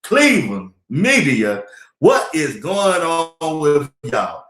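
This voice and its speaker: A man hosting a casual sports talk show, telling a story in a laid-back, lively way. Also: a little high, takes it slowly, roomy sound.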